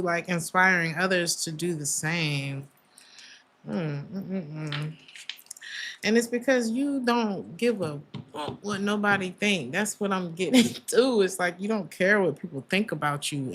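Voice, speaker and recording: Low-pitched woman, warm chatty tarot reading, emotional asides. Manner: emotional, chatty, many fillers and laughs. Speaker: tarot reader.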